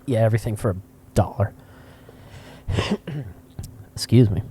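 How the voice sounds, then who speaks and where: A man's voice: on the low side, a little slow, slight background noise. A man co-hosting a casual podcast, telling stories with lots of laughter. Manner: animated storyteller, laughs often. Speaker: podcast co-host. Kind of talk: casual chat. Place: cigar shop.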